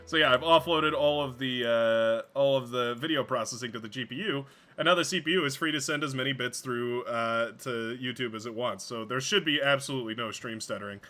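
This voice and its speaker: A man's voice: mid-range voice, fairly quick, pushed and bright. A man streaming a video game live, chatting casually and rambling, often stumbling over his own words.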